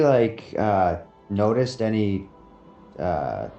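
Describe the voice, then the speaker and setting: A man's voice: sits low, normal speed, dark tone, muffled recording. A man playing a tabletop game who asks hesitant, rambling questions. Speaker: player. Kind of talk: casual tabletop play chat. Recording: echoey room with faint music.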